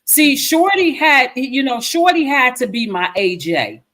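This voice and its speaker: Effusive woman, high voice. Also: measured pace. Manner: animated, effusive, repeats herself for emphasis. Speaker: filmmaker guest. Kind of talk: casual interview chat.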